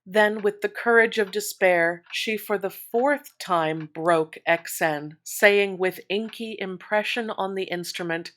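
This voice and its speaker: A woman narrating an old novel in an expressive, wry storytelling manner. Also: medium pitch, takes it slowly, few pauses, poor audio.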